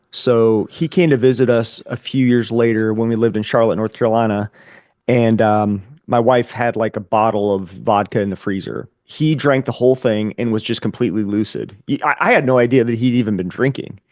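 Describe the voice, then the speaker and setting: A man's voice: medium pitch, moderate pace, a little mellow, no echo, studio quality. A man telling his personal story as a podcast guest, earnest and reflective, often repeating words as he gathers his thoughts. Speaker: podcast guest, Air Force veteran.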